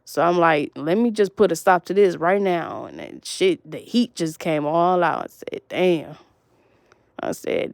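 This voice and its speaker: A woman's voice: lowish voice, animated, moderate pace, creaky, a little mellow, dry recording, studio quality. A woman telling a long, rambling, profane story in an agitated monologue to camera.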